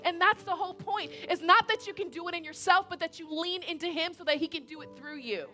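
Young woman preacher, high bright voice, chatty and animated, keeps asking the crowd questions. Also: fast talker, faint music behind. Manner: animated, conversational, repeats points, asks audience questions. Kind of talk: sermon.

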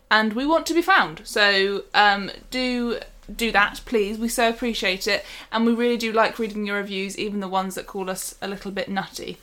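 A woman's voice: mid-range voice, pushed and bright. A woman co-hosting a podcast in casual, teasing chat, laughing easily. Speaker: podcast co-host.

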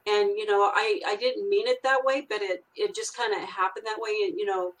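In this low-quality recording, a grandmother who writes children's books rambles through a story as a guest in a casual storytelling interview, restarting often and using many fillers. She has a mid-range, steady voice and talks a little fast.

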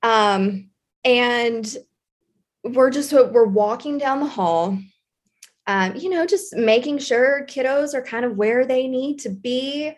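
A woman with a Southern US accent telling a school story in a casual chat, animated and chatty with plenty of fillers. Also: a little high, slow pace. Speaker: guest storyteller, former intervention specialist.

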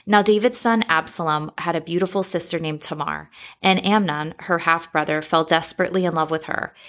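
A woman reading scripture passages in a steady, measured storytelling manner. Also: fairly low pitch. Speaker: scripture reader.

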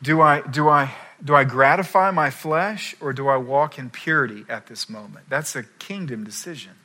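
A middle-aged man preaching a sermon as pastor, telling the story in a lively way and acting out the people he quotes. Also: medium pitch, moderate pace. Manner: animated storytelling, acts out quoted voices.

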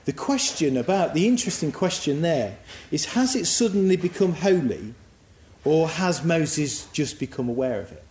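A man's voice: on the high side, darkish tone, roomy sound. A man giving a sermon in a reflective, musing, conversational way. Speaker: preacher.

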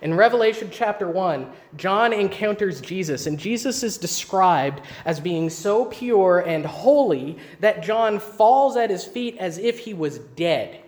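Male pastor, higher voice, emphatic teaching sermon with rhetorical questions. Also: animated, unhurried, hardly any pauses, a little mellow.

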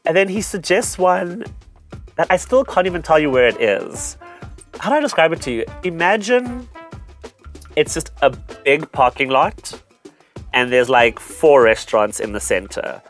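A young man co-hosting a podcast, telling a dating story in a teasing, animated way. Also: a little high, moderate pace, faint music behind. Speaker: podcast co-host. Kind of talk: casual chat, storytelling.

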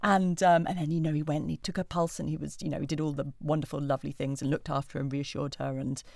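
A woman's voice: low-pitched, little pitch movement, fast, vocal fry, a little mellow, no room sound, clean studio sound. A woman, co-hosting a podcast in casual chat and telling stories with frequent laughter. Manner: chatty storyteller, laughs often. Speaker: podcast co-host.

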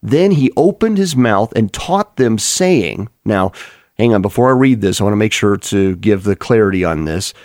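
A man's voice: lowish voice, expressive, normal speed, darkish tone, no echo, clean studio sound. A man preaching an earnest, explanatory Bible teaching sermon, with frequent restarts as he works through the text.

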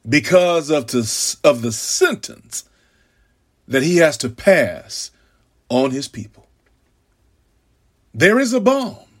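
A man preaching a sermon in a slow, drawn-out cadence, swinging from loud cries down to hushed whispers. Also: mid-range voice.

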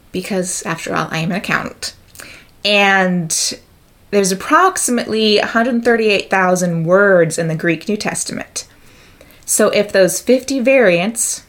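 A woman giving a methodical explanatory talk, working through examples and figures step by step. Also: mid-range voice. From United States.

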